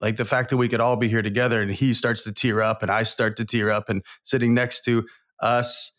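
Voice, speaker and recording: Brisk and level in tone, this man has a mid-range, fairly bright voice. He's a guest coach on an interview show, in his forties and from Southern California, candidly telling personal stories in an earnest, emotional, rambling way.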